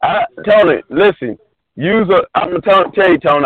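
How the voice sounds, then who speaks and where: A man's voice: high voice, lively intonation, moderate pace, dry recording. A man, a drag racer boasting and trash talking on a call, repeating himself and calling out names. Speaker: drag racer, show regular. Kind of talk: casual trash talk on a call. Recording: tinny phone line.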